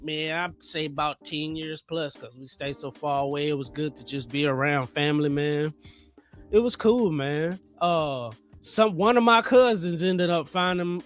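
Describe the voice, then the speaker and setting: A man hosting a trading livestream, talking energetically with lots of slang and hyping up his chat. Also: on the high side.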